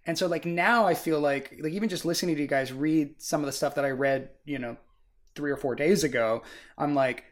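A man's voice: a little high, a little fast. A man co-hosting a casual book discussion podcast, rambling with many "like" and "you know" fillers. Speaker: podcast co-host.

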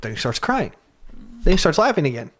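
A man's voice: on the high side, big pitch swings, brisk, a bit bright. Young man, casual storytelling, frequent laughter, heavy swearing. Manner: laughs often while telling a story, swears freely. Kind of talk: casual chat.

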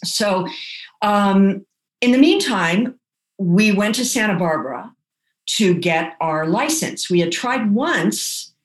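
Animated woman telling stories in an echoey room. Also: mid-range voice, slow. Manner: animated, acts out quoted voices. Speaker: guest. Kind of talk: casual anecdotal storytelling. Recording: roomy echo.

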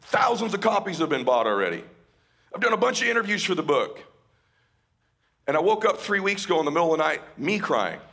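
Raspy, high-pitched impassioned man speaking. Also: sing-song, a little fast. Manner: impassioned, swings from shouting to hushed. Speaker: motivational speaker. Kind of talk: live motivational talk.

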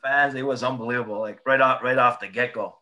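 A man, a former hockey player, telling animated, profane anecdotes in a casual chat, laughing as he goes. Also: mid-range voice, quick pace, a crowd in the background.

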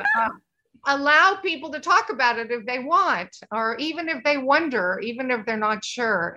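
A woman speaking as a podcast guest, her voice bright and clear. She wanders through her thoughts in an earnest, soft-spoken way, circling back as she goes. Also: medium pitch, normal speed, a little hiss or hum. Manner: rambling, earnest, soft-spoken spiritual talk. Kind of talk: casual interview chat.

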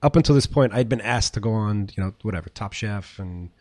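Chatty chef telling stories, dry sound. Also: male voice, lowish voice, brisk, no echo. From United States. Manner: rambling, animated, swears, many fillers. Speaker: chef and restaurant owner, guest. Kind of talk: casual storytelling interview.

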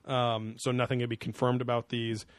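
A man's voice: medium pitch, flat delivery, normal speed, no echo, clean studio sound. A man co-hosting a podcast, mocking a TV show in a sarcastic, profane, rambling way. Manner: sarcastic and profane, with many fillers. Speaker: podcast co-host. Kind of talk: casual chat reviewing a TV show.

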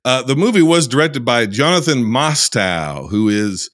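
A man's voice: mid-range voice, expressive, unhurried, fairly bright tone. A man co-hosting a podcast about movies, chatting in a joking, hammy way. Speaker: podcast co-host. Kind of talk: casual comedic chat.

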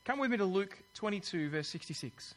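A man preaching a sermon, telling a personal story in an animated way and acting out the people he quotes. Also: high voice, fairly quick.

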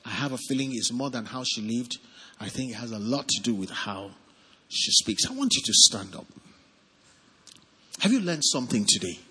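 A man's voice: medium pitch, fairly quick, husky. A man with a Nigerian accent, a pastor preaching and leading prayer, calling on the congregation to respond. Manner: animated, calls on congregation to respond. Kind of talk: sermon with prayer. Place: church service hall. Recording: long hall reverb, faint music behind.

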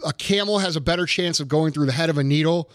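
Brief: high-voiced man in his thirties, profane heated rant, bone-dry close sound. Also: quick pace, dry recording. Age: 30s. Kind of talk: casual chat.

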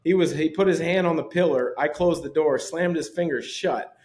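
A man in his forties, a former pro basketball player, telling lively anecdotes as a podcast guest and chuckling often. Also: fairly high pitch, normal speed. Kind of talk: casual storytelling.

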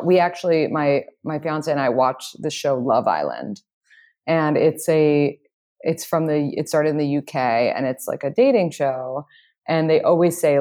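Woman, dating advice guest, low voice, outgoing, confident, casual chat. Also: darkish tone. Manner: outgoing, confident, frequent "like" fillers. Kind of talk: casual conversation.

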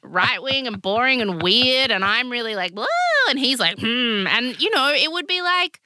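A woman co-hosting a podcast, chatting in an animated way with lots of fillers. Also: on the high side, moderate pace. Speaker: podcast co-host. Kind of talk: casual chat.

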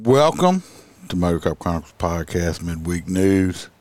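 A lower-voiced man co-hosts a podcast and throws in dry, laughing asides. His talk stays casual even when he reads the sponsor plugs. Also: a little slow. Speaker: podcast co-host.

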